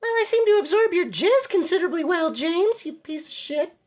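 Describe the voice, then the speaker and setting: A squeaky crude toy, very high, foul-mouthed, cartoon skit. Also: male voice, animated, brisk.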